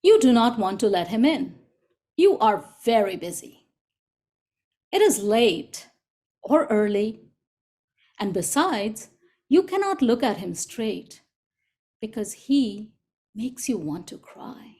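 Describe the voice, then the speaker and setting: A woman reads a poem aloud over a video call, taking each line slowly and deliberately. Her voice sits a little high, and her manner stays gentle and unhurried throughout. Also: very animated. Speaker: co-facilitator. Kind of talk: slow poetry reading.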